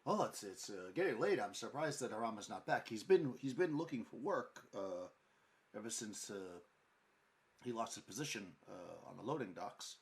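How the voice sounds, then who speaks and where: Man as fussing older wife, own low voice. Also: lively intonation, moderate pace. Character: hospitable older wife of a baker.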